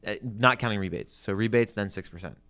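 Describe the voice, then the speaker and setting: A man's voice: fairly low pitch, brisk, fairly bright tone, smooth. A young man who works as a car salesman tells a rambling story on a casual podcast, leaning on "like" and swearing freely.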